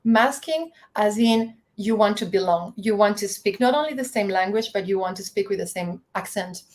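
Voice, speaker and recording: A woman's voice: medium pitch, moderate pace, darkish tone. A woman from the Canary Islands, a guest in a casual interview, speaking reflectively with frequent restarts. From Canary Islands, Spain. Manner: reflective, many restarts and reported dialogue.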